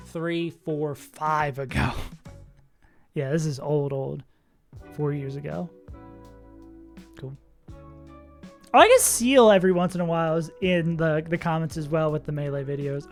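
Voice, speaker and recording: A young adult streamer chatting casually with viewers and reacting aloud while playing a game. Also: mid-range voice. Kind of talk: casual gaming stream chat. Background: faint music.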